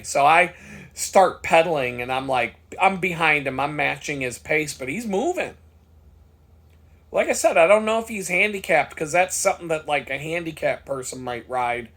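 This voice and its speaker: A man's voice: on the high side, expressive, normal speed, a bit bright. A man vlogger telling a story in a casual monologue, worked up and swearing freely.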